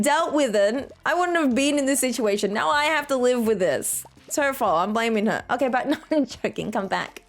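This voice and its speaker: A woman casually chatting as a game streamer, playful and teasing and quick to laugh. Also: on the high side. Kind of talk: casual live-stream commentary.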